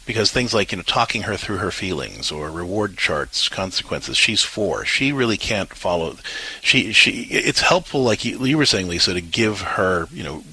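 A man co-hosts a parenting advice talk show, explaining calmly and earnestly. His voice sits low and sounds husky, with a bright, forward edge. He often repeats words as he works through a thought. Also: normal speed, dry recording, low-quality recording.

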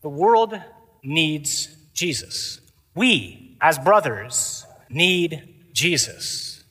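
A priest from giving a lively sermon at a men's conference, switching between mock-solemn readings and energetic, joking delivery. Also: fairly high pitch, drawn-out words, husky. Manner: animated, theatrical, mimics stuffy readings for laughs. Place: large conference hall. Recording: live hall reverb.

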